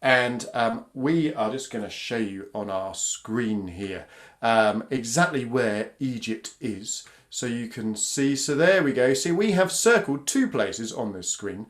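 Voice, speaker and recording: A man's voice: medium pitch, animated, a little slow. A British man facilitating a live online drumming workshop for families over a video call, upbeat and encouraging. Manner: upbeat, encouraging, counts in loudly.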